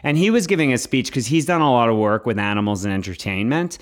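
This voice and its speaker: A man's voice: medium pitch, animated, fast. A man co-hosting a podcast in casual chat, playful and teasing, often laughing. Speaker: podcast co-host.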